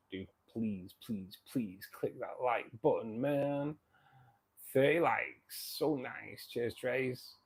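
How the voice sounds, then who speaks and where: A man in his fifties hosts a relaxed fish-keeping livestream, joking around and thanking viewers by name. His voice is lowish, gravelly, darkish and a little rough, and his throat sounds dry.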